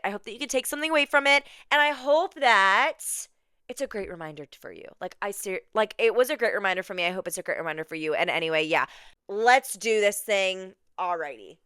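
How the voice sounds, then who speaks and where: A woman's voice: medium pitch, sharp tone, clear, resonant tone, no echo, clean studio sound. A young woman hosting her own podcast from an indoor room, chatting casually and gushing, with lots of "like" and "you guys". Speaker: podcast host. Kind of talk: casual solo podcast chat.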